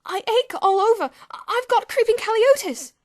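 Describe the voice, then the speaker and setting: A woman voicing a panicky teenage schoolboy who stammers in a high, shrill voice. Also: animated, normal speed, no room sound, studio quality. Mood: panicked. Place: quiet room with nearby traffic.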